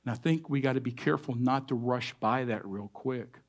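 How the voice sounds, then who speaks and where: A man giving a sermon as a church pastor, earnest, with deliberate pauses and shifting loudness for emphasis. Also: mid-range voice.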